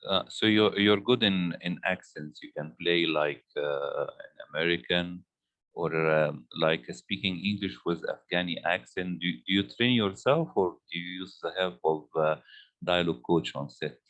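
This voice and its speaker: A man from Egypt, a film critic, interviewing a guest with halting questions and many repeated words as he starts each sentence. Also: deep voice, a bit bright, lo-fi sound.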